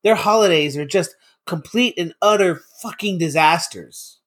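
A man with a high voice talks excitedly in a loose, casual chat. He laughs often and swears freely as the conversation rolls on. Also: normal speed. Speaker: podcast co-host.

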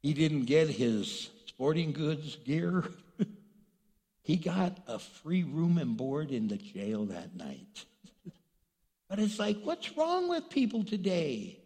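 A man's voice: a little high, sing-song, slow, warm tone, slightly rough. A man preaching a sermon as pastor, telling stories animatedly and acting out the voices of the people in them. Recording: long reverb of a large hall.

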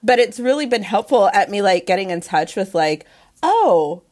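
A woman's voice: medium pitch, big pitch swings, normal speed, a little mellow. A woman in her thirties co-hosting a podcast, talking in a thoughtful, reflective way. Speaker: podcast co-host. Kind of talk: casual chat.

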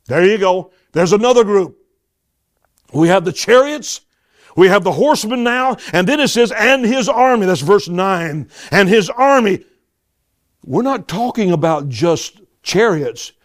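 A man preaching a sermon, reading scripture and exhorting his listeners. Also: high-pitched. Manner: emphatic, exhorting, with repeated interjections to the audience.

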